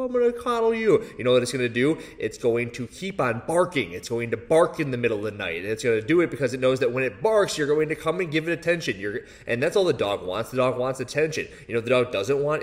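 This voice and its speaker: A man hosting his own vlog, talking bluntly and aggressively and swearing freely. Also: mid-range voice. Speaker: vlogger. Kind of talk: casual vlog rant.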